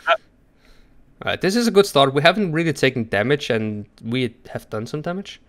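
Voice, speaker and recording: A man chatting over a co-op game session, excitable, laughing often and cheering loudly. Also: on the high side, moderate pace. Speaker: co-op gaming partner. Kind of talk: live gameplay chat.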